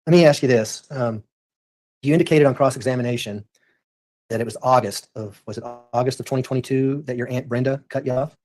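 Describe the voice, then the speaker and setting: An attorney questioning a witness in court in a measured, formal way. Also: medium pitch, a little mellow.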